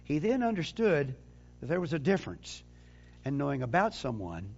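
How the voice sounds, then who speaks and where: A man preaching a sermon with emphasis, often repeating words and restarting phrases, and sometimes dropping to a low, quiet delivery. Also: wildly swooping pitch, normal speed, creaky, highs cut off, slight background noise.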